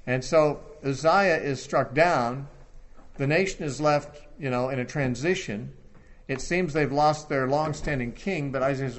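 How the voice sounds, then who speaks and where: A man's voice: mid-range voice, unhurried. Guy teaching through a bible chapter, talks casual with lots of uh's, voice goes up on the verses. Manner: conversational, thinking aloud with fillers.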